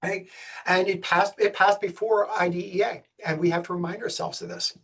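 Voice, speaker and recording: A man from the States, giving a webinar presentation on special education law in a fast, energetic way with jokey asides. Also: sits high, gravelly, slightly rough. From Southern United States.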